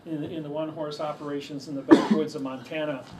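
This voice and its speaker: A man's voice: fairly high pitch, level tone, fast, a loud crowd. Rambling man telling stories from afar. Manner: rambling, stacks of restarts. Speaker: speaker telling stories to a crowd. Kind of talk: casual storytelling. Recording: distant mic, faint background noise.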